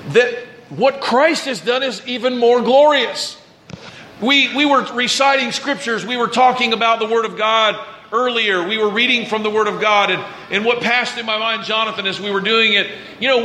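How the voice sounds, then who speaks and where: A man's voice: very high voice, pushed and bright, roomy sound, in a large hall, a little hiss or hum. A man in his forties preaching a conversational sermon, prompting the congregation to repeat phrases back. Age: 40s. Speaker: pastor.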